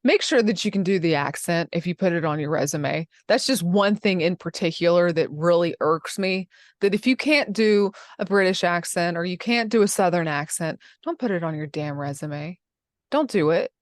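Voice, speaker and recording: A woman's voice: on the low side, moderate pace, dry recording, studio quality. A woman giving blunt, emphatic career advice in a casual interview, calling listeners honey and baby.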